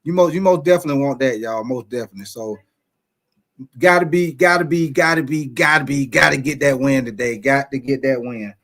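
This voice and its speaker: A man hosting a casual sports livestream, talking to his chat in a relaxed, chatty way. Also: mid-range voice, fairly quick. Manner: chatty, laid-back, speaks to the chat. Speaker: sports show host.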